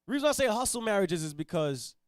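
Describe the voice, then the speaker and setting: A man leading a Bible reading and preaching bluntly, dropping to low mutters, then shouting his points. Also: very animated, fast talker, no echo, clean studio sound. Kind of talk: street-style Bible teaching.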